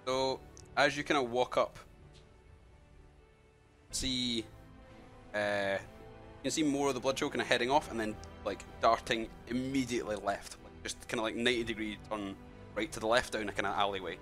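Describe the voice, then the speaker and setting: A man's voice: medium pitch, moderate pace, long pauses, a bit bright, soft background music. A man running a tabletop game, narrating loosely with lots of "kinda" and "like". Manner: rambling, heavy use of fillers like "kinda" and "like". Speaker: game master.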